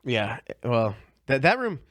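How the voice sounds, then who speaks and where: A man's voice: medium pitch, slow. A man, a stand-up comedian co-hosting a podcast, chiming in with emphatic, profane riffs in casual chat. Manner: animated and emphatic, swears, chimes in over his co-host.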